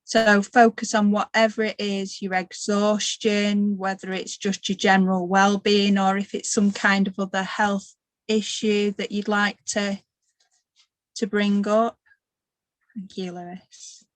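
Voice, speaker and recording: Slow, gentle woman leading meditation. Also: medium pitch, monotone, dry recording. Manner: slow, gentle guiding with pauses. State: tired, occasional coughing. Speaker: workshop leader. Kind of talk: guided meditation workshop.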